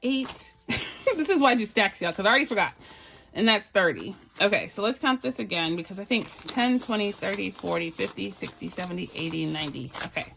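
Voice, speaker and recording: A woman's voice: medium pitch, expressive, brisk, gravelly, a bit bright, a little hiss or hum. A woman from Barbados chatting casually to her viewers while sorting and counting cash for her budget. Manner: chatty and playful, addresses viewers as y'all. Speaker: budgeting vlogger.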